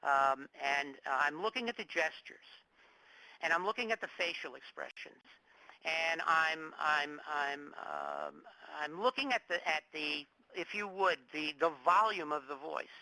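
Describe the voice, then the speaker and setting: A man's voice: fairly high pitch, lively intonation, a little slow, pushed and bright, no echo, rough recording. Emphatic New York man lecturing. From New York metropolitan area. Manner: emphatic, repeats words while searching for them. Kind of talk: public lecture.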